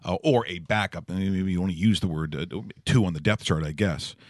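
A man's voice: sits low, fairly quick, no room sound. A man hosting a sports talk show in a studio, chatting casually with fillers and restarts. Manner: rambling, many fillers and restarts, laughs easily.

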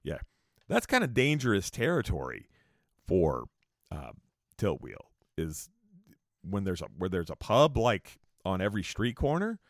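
A man's voice: low-pitched, sing-song, a little slow, dry recording, clean studio sound. An American man telling a travel story in a loose, profane, rambling way, breaking off into rants. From United States. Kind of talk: casual storytelling.

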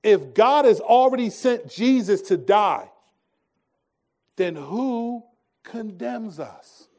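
Hushed-to-emphatic preaching man, high voice. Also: expressive, slow pace. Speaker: pastor. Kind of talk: sermon.

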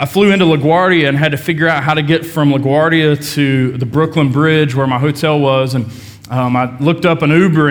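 Man preaching in a reverberant church hall. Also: on the high side. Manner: storytelling, self-deprecating humor. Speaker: pastor. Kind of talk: sermon. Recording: long reverb of a large hall.

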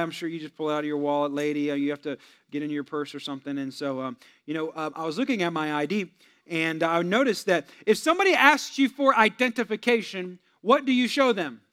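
A young adult man, a pastor, giving a sermon in a lively, conversational way with personal stories and jokes for the congregation. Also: high voice, clear, resonant tone.

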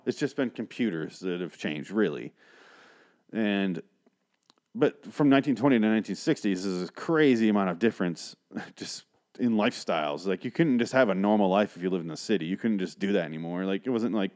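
Male reviewer with a lower voice, casual episode recap, swears a lot, ranty and sarcastic. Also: a little mellow. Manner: profane, ranting, sarcastic.

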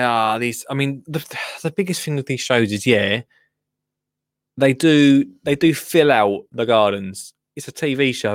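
A man's voice: medium pitch, fairly bright tone, dry recording, studio quality. A man chatting casually as he reacts to a gardening clip, jokey and rambling with many asides. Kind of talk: casual chat commentary.

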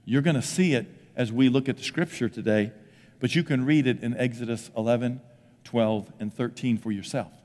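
A man preaching a sermon as pastor, in a folksy, conversational way, acting out quick bits of paraphrased dialogue. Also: mid-range voice, darkish tone. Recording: long reverb of a large hall.

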